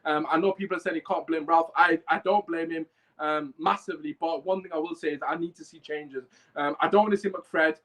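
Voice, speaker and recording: A man's voice: a little high, fairly even intonation, a little fast, fairly bright tone, rough recording. A young man, hosting a live fan podcast and ranting heatedly while swearing and reading chat comments. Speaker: podcast host.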